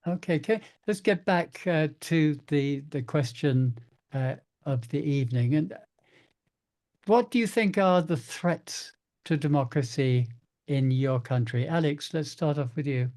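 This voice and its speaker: A woman moderating a panel discussion over a video call, briskly steering the talk and handing over to speakers. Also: deep voice, darkish tone.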